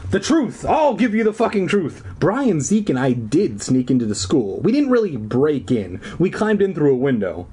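A man's voice: a little high, big pitch swings, normal speed, hardly any pauses, mellow, breathy edge, pitched above the performer's own voice. A man voicing an earnest young schoolgirl who pleads her innocence to a teacher. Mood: insistent. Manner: pleading, insistent.

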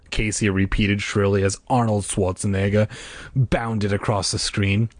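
A man reading a story aloud in an expressive way, breaking in with deadpan comic asides. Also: on the low side, unhurried, no room sound. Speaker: narrator.

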